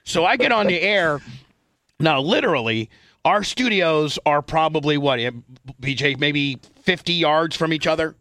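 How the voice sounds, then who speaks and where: Middle-aged male radio host, bright forceful voice, profane storyteller, dry close sound. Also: fairly high pitch, expressive, normal speed, no room sound. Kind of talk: casual storytelling chat.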